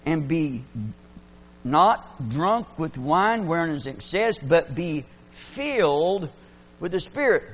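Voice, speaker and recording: A man preaching a fervent sermon, swinging between loud exclamations and hushed asides. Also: fairly high pitch, sing-song, takes it slowly.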